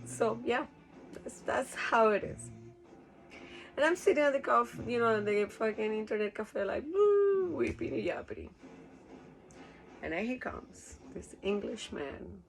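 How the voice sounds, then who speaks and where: A woman's voice: fairly high pitch, big pitch swings, measured pace, gravelly, faint music behind, poor audio. A woman from Rica, telling a rambling story casually, laughing often and swearing freely. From Costa Rica. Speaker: cruise ship worker.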